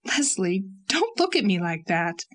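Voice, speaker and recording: A woman reading an audiobook, voicing a gentle, sensible young woman who soothes a friend in an earnest tone. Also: mid-range voice, very animated, a little slow. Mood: soothing. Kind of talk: audiobook character voice.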